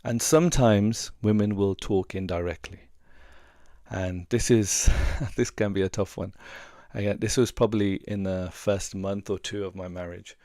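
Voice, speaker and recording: A man's voice: on the low side, fairly even intonation, unhurried, warm tone, dry recording, clean studio sound. A middle-aged man, a relationship coach giving earnest, conversational advice and sharing personal stories. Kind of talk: casual advice talk.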